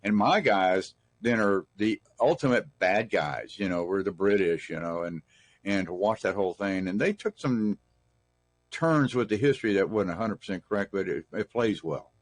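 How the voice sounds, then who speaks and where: Speaking at a normal speed, a middle-aged man from Texas sounds animated and on the low side. As an interview guest he drifts through folksy, rambling stories, often starting over mid-thought.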